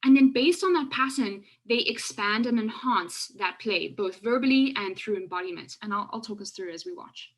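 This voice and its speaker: A woman's voice: medium pitch, lively intonation. A woman researcher giving an online lecture over a video call, explaining classroom clips with many fillers and restarts. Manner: halting, frequent fillers and restarts. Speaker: education researcher presenting a webinar. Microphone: video call with screen sharing.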